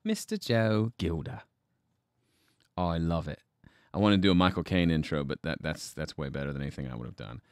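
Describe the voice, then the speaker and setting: A man with a very low, smooth voice hosts a casual livestream from his home studio. He thinks aloud as he works, rambling and poking fun at himself. The sound is dry and close. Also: fairly even intonation, quick pace, dry recording. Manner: rambling, self-deprecating, thinks aloud while troubleshooting. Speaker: livestream host.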